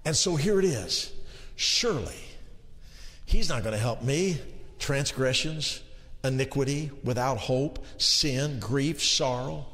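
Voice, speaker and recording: A male pastor preaching an emphatic sermon. He swings between hushed talk and shouting and calls on the congregation to respond. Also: medium pitch, lively intonation, unhurried, long reverb tail.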